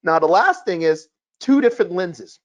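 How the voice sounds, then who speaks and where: A man hosting a casual chat, explaining things in an emphatic, animated way. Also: high-pitched, moderate pace. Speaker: projector reviewer, host. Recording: lo-fi, dull sound.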